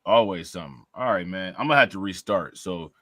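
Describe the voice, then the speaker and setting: A man's voice: low-pitched, brisk, a bit bright, dry recording, clean studio sound. A man hosting a livestream, talking in a laid-back, slangy way while fixing technical trouble. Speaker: stream host. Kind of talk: casual livestream chat.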